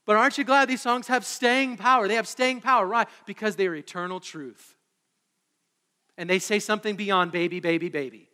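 A high, bright-voiced man preaching with excitable, animated energy. His voice carries a long reverb from a church hall. He talks like a pastor who grows eager as he goes. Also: fairly quick. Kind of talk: sermon. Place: church sanctuary.

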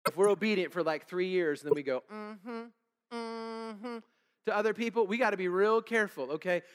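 Speaking at a quick pace in a high-pitched voice, a male pastor gives a conversational sermon in a church sanctuary. He reads scripture aloud, has the congregation fill in words, and checks in with "okay?" and "all right?", all under long hall reverb.

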